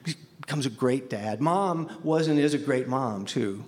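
A man's voice: mid-range voice, unhurried. Nervous man telling a story in a hall. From Memphis, USA. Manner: conversational, wry, self-deprecating. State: nervous, shaking. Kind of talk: personal storytelling on stage. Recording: long hall reverb.

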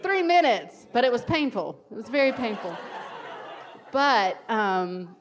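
A woman telling a funny personal story to an audience, lively and laughing often. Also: a little high, measured pace, crowd noise, background noise.

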